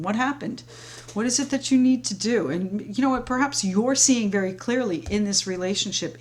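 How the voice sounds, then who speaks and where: A woman doing a tarot reading, talking in a flowing, reassuring way straight to her viewers as friends. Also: medium pitch. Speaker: tarot reader. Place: home, sage burning nearby.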